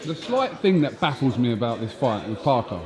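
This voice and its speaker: A man's voice: medium pitch, sing-song, a little fast, a crowd in the background, low-quality recording. A man interviewing a boxer, asking probing, challenging questions. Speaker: boxing interviewer. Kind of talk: casual press interview.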